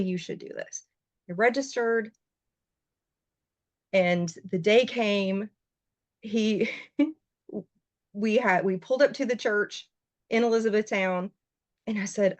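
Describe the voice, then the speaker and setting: Heartfelt woman telling a personal story. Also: dry recording. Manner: heartfelt, expressive storytelling with laughs; voice jumps high when emotional. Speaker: guest, writer and journalist. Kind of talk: podcast interview storytelling.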